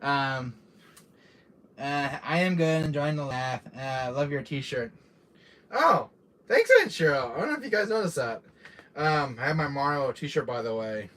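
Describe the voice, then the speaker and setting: A man's voice: mid-range voice, expressive, a little slow, a bit bright. A young man chatting casually on a live stream, rambling with lots of fillers and restarts. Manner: rambling, many fillers and restarts, laughs often.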